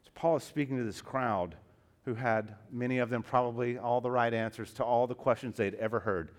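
Speaking briskly in a mid-range voice with fairly even intonation, a male pastor gives a fervent sermon. Quiet, hushed passages give way to loud emphasis, and he greets listeners as beloved and dear friends.

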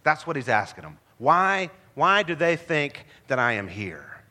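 Male pastor, bright forceful tone, long reverb from a large hall. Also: mid-range voice, normal speed. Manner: emphatic, animated preaching with rhetorical questions. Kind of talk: sermon.

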